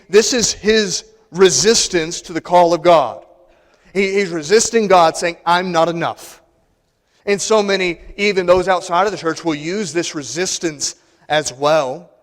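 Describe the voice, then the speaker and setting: A man preaching a sermon in a church, emphatic and repeating phrases for stress. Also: fairly high pitch. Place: church sanctuary. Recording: long hall reverb.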